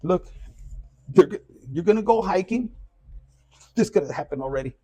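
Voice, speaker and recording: Husky man giving a profane, casual tarot reading. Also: high-pitched, lively intonation, normal speed, warm tone. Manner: loose and profane, with Spanish slang mixed in. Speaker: tarot reader.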